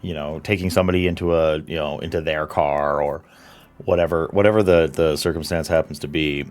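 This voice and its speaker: A man narrating as game master of a tabletop role-playing game, loose and swearing, with many fillers. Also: very deep voice.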